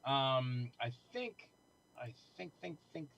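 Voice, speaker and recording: A middle-aged man telling stories in casual conversation, animated and acting out the voices of people he quotes. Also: medium pitch, slow pace, creaky, dull audio. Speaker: guest filmmaker. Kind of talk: casual storytelling.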